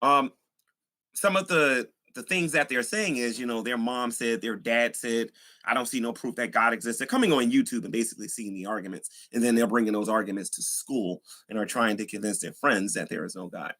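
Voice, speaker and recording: A man's voice: medium pitch, brisk, pushed and bright. Rambling earnest evangelist man. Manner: rambling, earnest, many fillers. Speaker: Christian YouTuber, street evangelist. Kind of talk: casual preaching talk.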